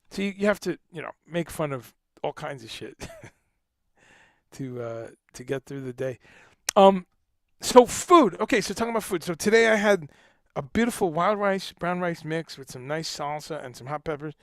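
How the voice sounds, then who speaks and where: A man hosts a casual livestream chat, animated and joking, with a casual swear here and there. His voice is gravelly and sits slightly high. The sound is dry and close. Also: moderate pace, dry recording. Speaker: livestream host.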